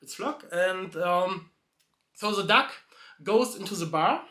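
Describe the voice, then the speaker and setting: A man's voice: sits high, expressive, takes it slowly, sharp tone, echoey room. A man telling a joke in a rambling, hesitant way, constantly correcting himself and restarting. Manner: hesitant, self-correcting, many fillers and restarts. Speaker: video host telling a joke.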